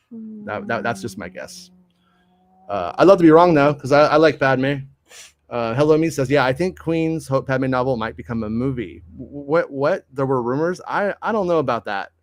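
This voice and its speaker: A man's voice: mid-range voice, dry recording, clean studio sound. Stammering man hosting a casual chat show. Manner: rambling, stammering restarts, self-deprecating. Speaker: live show host reading chat comments. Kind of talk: casual live-stream chat.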